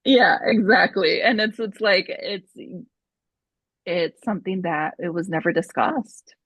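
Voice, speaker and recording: A woman's voice: mid-range voice, unhurried, a bit bright, no echo. A woman co-hosting a podcast, backing her partner up with supportive replies. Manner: supportive listener, affirming with short replies. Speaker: podcast co-host. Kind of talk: casual podcast chat.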